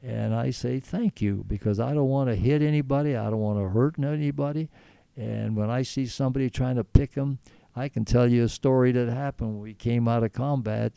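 An older man speaks earnestly in an interview, wandering from thought to thought with frequent restarts. His voice is very dark and gravelly, at a middling pitch, and the sound is dry and close. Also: brisk, no room sound. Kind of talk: storytelling in conversation.

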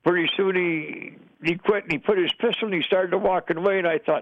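An older American man recounts his own stories in a folksy, plainspoken way, chuckling now and then. His voice sits fairly high for a man. The recording is dull and lo-fi, and dry. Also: a little fast, no echo. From United States. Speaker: veteran interviewee. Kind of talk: oral history storytelling.

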